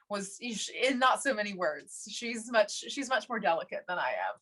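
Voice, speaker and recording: A woman in her thirties, a podcast guest telling stories in casual conversation, animated, laughing often and acting out what others said. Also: on the high side, moderate pace, slightly rough. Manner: animated, laughs often, acts out quoted voices. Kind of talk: casual interview storytelling.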